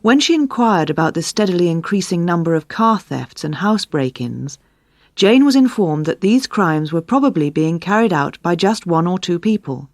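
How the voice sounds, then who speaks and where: Low-voiced woman reading a story. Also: lively intonation, moderate pace, no echo, clean studio sound. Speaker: audiobook narrator. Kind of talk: scripted narration.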